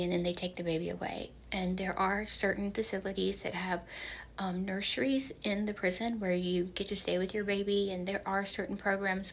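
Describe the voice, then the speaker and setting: Woman, earnest social media commentary, reads passages aloud, mid-range voice, hushed at times. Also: mid-range voice, low-quality recording.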